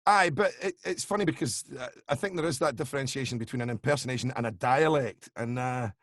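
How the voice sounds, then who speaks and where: A man with a Glaswegian accent, a voice-over artist chatting in a relaxed, self-deprecating way as a guest over a video call. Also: medium pitch, fast talker, no room sound, clean studio sound. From Scotland. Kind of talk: casual interview chat.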